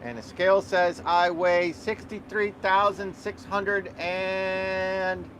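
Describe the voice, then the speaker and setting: A man's voice: high voice, steady tone, takes it slowly, fairly bright tone. A man vlogging live from his dump truck cab, rambling and joking as he drives. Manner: rambling, jokey, easygoing, thinks aloud with fillers. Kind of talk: casual live vlog while driving. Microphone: small camera or phone mic in the cab. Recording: faint truck engine noise.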